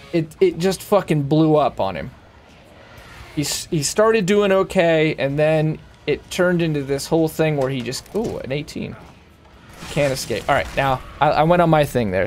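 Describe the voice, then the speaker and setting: A man's voice: a little high, darkish tone, slight background noise. A young man streaming a game, ranting casually and heatedly with lots of swearing, rambling from thought to thought. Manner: profane, rambling, heated and emphatic. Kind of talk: casual rant while playing a game.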